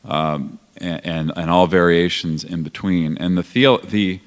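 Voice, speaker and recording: A man's voice: low voice, steady tone, a little slow. A man in his forties speaking on a panel in an earnest, reflective way. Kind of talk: panel talk. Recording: long hall reverb.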